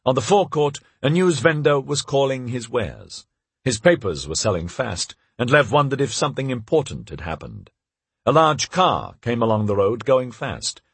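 A man narrating an audiobook in an expressive storytelling manner, with a husky voice. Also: no room sound. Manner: expressive storytelling with lively pitch.

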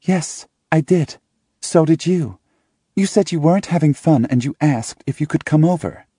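A man reading a story aloud, voicing a hurt, emotionally drained young woman in a flat monotone. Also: a little high, normal speed, breathy edge, dry recording, studio quality, voice pushed up. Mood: hurt accusing.

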